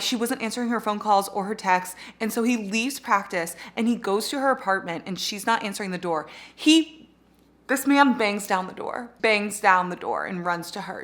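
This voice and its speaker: A woman in her twenties chatting casually in a reading vlog, gushing and excitable, swearing freely. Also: medium pitch. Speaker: reading vlogger.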